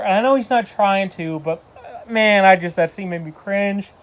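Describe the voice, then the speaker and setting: Speaking at a moderate pace in a fairly high voice, a man reviews a movie informally. His talk drifts into loose tangents, and he often trips over his words and starts sentences over.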